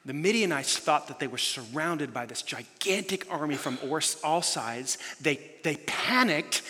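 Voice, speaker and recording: A man preaching a sermon as pastor, telling a story with animated emphasis. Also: medium pitch, normal speed, hardly any pauses. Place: large church hall. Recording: long reverb in a large hall.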